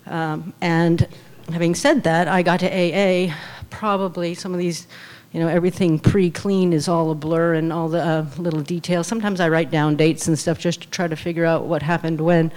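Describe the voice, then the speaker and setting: A middle-aged woman with a lowish voice opens up at a recovery meeting. She is openly nervous and halting, stopping often with "um" and "uh" as she finds her words. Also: little pitch movement, darkish tone. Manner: nervous, hesitant, many ums and uhs. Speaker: meeting speaker. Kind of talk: personal recovery share.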